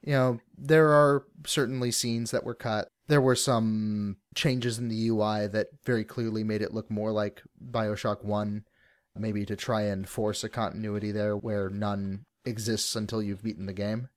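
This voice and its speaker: A man's voice: fairly low pitch, level tone, a little slow, dry recording, studio quality. A man co-hosting a casual podcast discussion, earnest and digressive, hedging with fillers. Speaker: podcast co-host.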